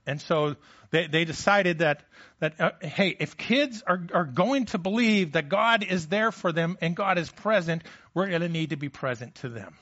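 A man preaching a sermon in a conversational, questioning manner. His voice sits a little high for a man, and the recording is dull and lo-fi. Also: normal speed, fairly bright tone. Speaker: pastor.

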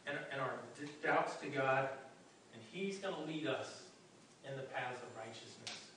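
A man's voice: mid-range voice, unhurried, fairly bright tone. A man preaching a sermon earnestly, often repeating words and restarting as he goes. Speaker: pastor. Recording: very echoey room, voice from a distance, faint background noise.

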